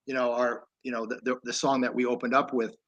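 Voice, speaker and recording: A man's voice: medium pitch, level tone, quick pace, a bit bright, lo-fi sound. A man co-hosting an online talk show, chatting loosely about an old film with many restarts. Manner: rambling, with many restarts and laughs. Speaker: co-host. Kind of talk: casual film discussion.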